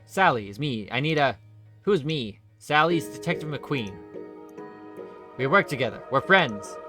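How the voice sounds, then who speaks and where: A man's voice: medium pitch, lively intonation, a little slow, bright, forceful tone, soft background music. A man streaming a game, reading its lines aloud in a plain, matter-of-fact way.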